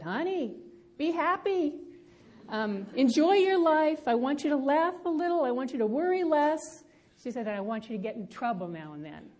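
Middle-aged woman teacher, mellow and unhurried, reflective, ums often, to a live room. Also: medium pitch. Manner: reflective, personal, frequent ums. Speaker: Bible study teacher. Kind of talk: teaching talk.

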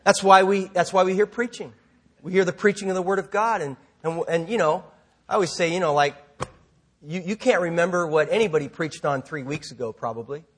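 A man's voice: high-pitched, a little fast, a little hiss or hum. A middle-aged male pastor preaching a sermon, moving from conversational asides into storytelling. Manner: conversational, self-deprecating asides, then vivid story narration.

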